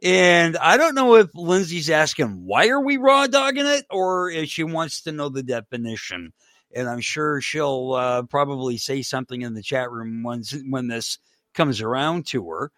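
A man's voice: medium pitch, unhurried, fairly bright tone, no room sound. A middle-aged man from Canada co-hosting a casual podcast, rambling and joking with frequent restarts. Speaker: co-host.

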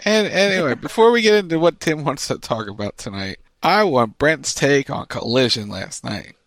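A man's voice: mid-range voice, animated, normal speed, a bit bright, no room sound. Joking man co-hosting a talk show. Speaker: co-host. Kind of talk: casual wrestling talk show.

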